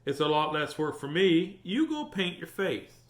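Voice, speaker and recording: A man reading aloud as a relaxed, offhand father in a storybook. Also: a little high, measured pace. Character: easygoing dad. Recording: roomy echo.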